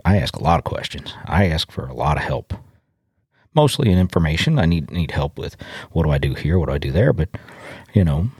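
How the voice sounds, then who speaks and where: Low husky-voiced middle-aged farmer host. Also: male voice, darkish tone, dry recording, clean studio sound. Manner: folksy, plainspoken farmer with frequent restarts. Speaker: podcast host. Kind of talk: casual storytelling monologue. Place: home in a rural community.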